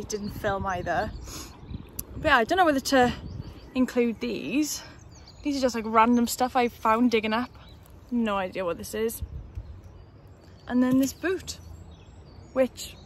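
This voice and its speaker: Vlogging from her outdoor allotment, a woman with a fairly high voice chats casually and pokes fun at herself. Birdsong and outdoor ambience fill the background, along with slight background noise.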